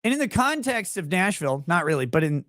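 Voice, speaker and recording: A man's voice: high voice, sing-song, fast, fairly bright tone, no room sound, clean studio sound. A man hosting a livestream with casual, sarcastic, rambling commentary, talking to his chat viewers by name. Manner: sarcastic, rambling, mocking impressions. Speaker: livestream host.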